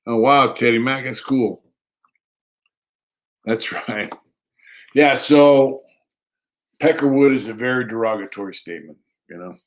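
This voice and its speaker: A man's voice: mid-range voice, measured pace, pauses often. A man chatting casually on a livestream, rambling and repeating himself, reading out viewer comments and talking to his dog in between. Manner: rambling, repeats himself, reads chat aloud. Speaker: livestream host.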